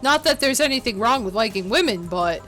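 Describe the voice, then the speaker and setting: A woman voicing a young male bartender who is a gruff man's man, in a flat, guarded way, as she reads a game aloud. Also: on the high side, brisk, soft background music, voice pushed down.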